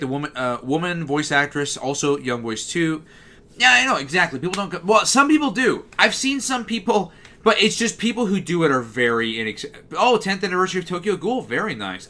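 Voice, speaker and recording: A man with a bass-baritone voice, casually chatting on a livestream and answering messages from chat. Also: sing-song, fairly quick, bright, forceful tone. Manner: talkative, answers chat messages as they come in. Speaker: livestream host.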